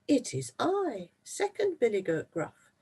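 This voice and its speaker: A nervous, bony billy goat from a storybook pleads high and hushed, as a storyteller puts him on. The voice is slow, with a faint gravelly edge. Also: wildly swooping pitch, exaggerated voice. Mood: pleading. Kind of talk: storybook read-aloud.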